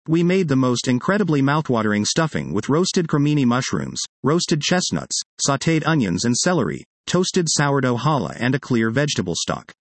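A man reading a first-person magazine article aloud in a lively, expressive way. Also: medium pitch, normal speed, few pauses, no room sound.

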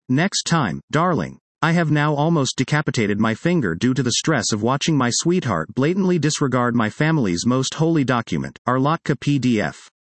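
A man reading a personal essay aloud in a wry, expressive storytelling manner. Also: mid-range voice, moderate pace, hardly any pauses, no room sound. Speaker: narrator.

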